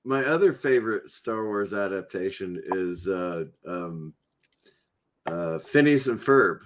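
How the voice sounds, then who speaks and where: A man's voice: sits low, animated, slow pace. A middle-aged American man hosting a livestream chat, joking and laughing often. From United States. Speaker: livestream host. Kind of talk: casual chat.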